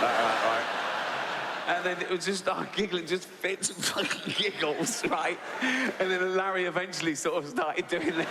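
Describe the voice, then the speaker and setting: Giggly comic telling stories. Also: male voice, high-pitched, very noisy. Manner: chatty, keeps tagging lines with "right?", laughs at his own stories. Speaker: stand-up comedian. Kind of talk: stand-up storytelling. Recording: live hall reverb, faint ambience.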